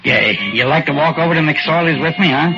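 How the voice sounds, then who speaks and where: A man's voice: a little high, fairly quick, over loud music, close to an everyday voice. An actor playing a timid, grateful down-and-out man who stammers and hesitates, in 1940s radio acting. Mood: humble. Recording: dull old radio recording.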